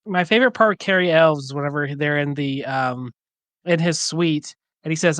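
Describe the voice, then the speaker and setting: A man who is a guest on a podcast, talking excitedly, laughing through his words and saying "like" a lot. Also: a little high, moderate pace, clear, resonant tone, dry recording. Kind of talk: casual chat.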